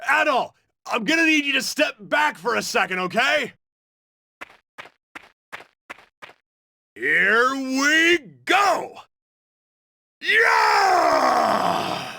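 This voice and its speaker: An actor playing a burly, boisterous young man in a video game, talking in a loud, cheerful, hollering way. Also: extremely high pitch, animated, normal speed, creaky, full character voice. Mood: excited.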